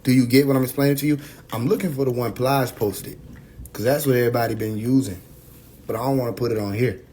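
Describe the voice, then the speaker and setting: Male livestream host, rambling and profane, mid pitch. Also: steady tone, warm tone, slight background noise. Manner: loose, rambling, profane, with quick asides and laughs. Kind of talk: casual livestream talk.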